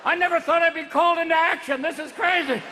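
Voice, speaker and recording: Brief: weary, grumbling old sperm, high and bright, put on by a comedian. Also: male voice, fairly even intonation, fast, slight background noise. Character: worn-out old male sperm cell.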